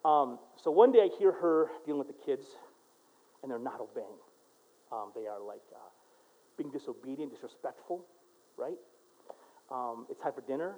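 A man preaching a sermon in a casual, animated storytelling way, dropping to a hush and then rising to loud bursts. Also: medium pitch, moderate pace, long pauses, low-quality recording. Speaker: pastor. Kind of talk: sermon with personal stories.

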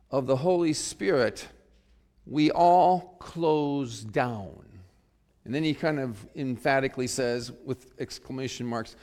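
A pastor delivering a sermon and leading a prayer, earnest and reflective, rising to sudden emphasis on key phrases. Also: male voice, medium pitch, takes it slowly, a little mellow. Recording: long reverb of a large hall.

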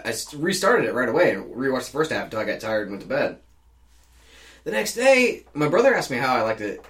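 A man's voice: a little high, fairly bright tone. A man co-hosting a podcast in casual, joking, self-deprecating chat. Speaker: podcast co-host.

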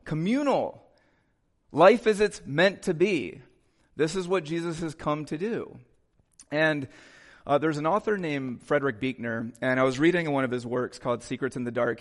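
A male pastor preaching a sermon in a conversational way, with quick asides to the congregation in a church. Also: on the high side. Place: church sanctuary.

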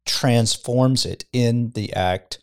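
A man's voice: medium pitch, slow pace. A middle-aged man, a pastor, reflecting in a casual podcast conversation in a studio and often chuckling as he tells a story. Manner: reflective, chuckles while telling stories.

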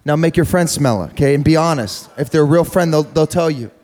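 A young man preaching a sermon through a funny personal story, chatty and repetitive, building to loud preaching. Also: a little high, fast. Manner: conversational, humorous, repeats words, rises to loud preaching.

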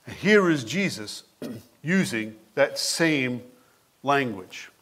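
A man preaching a sermon as pastor, with an expressive, animated delivery who asks his listeners questions directly. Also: mid-range voice, takes it slowly.

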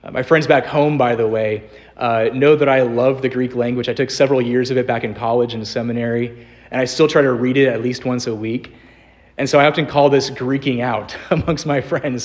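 A young man preaching a sermon in a church, earnest, slowing down to stress quoted scripture. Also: medium pitch. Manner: earnest, varied emphasis, slows on quoted scripture. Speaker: pastor. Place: church sanctuary.

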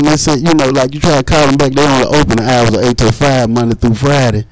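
A man, doing a profane stand-up set at an open mic, jumping up in pitch and volume on punchlines. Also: animated, fast, hardly any pauses, no room sound, low-quality recording. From Mississippi. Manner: profane, swings high and loud for punchlines. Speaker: stand-up comedian.

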